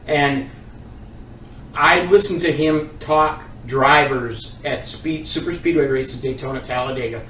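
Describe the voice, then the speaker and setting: A man co-hosting a podcast, praising the guest in halting, stop-start sentences. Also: medium pitch, fairly even intonation, a bit bright. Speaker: podcast co-host. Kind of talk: casual podcast chat. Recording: roomy, distant mic, faint noise.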